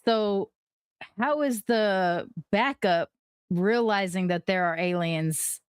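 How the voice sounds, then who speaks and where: A woman's voice: mid-range voice, slow pace, clear, resonant tone, no room sound. A woman co-hosting a podcast, asking questions and floating theories in casual chat. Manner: inquisitive, theorizing. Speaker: podcast co-host.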